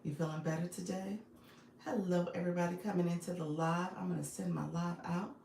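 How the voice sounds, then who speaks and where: A woman's voice: fairly low pitch, steady tone, fairly quick, gravelly, warm tone, echoey room, a little hiss or hum. A woman hosting a casual live stream from her phone, chatting with viewers, greeting them by name and laughing often. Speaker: live-stream host and business coach.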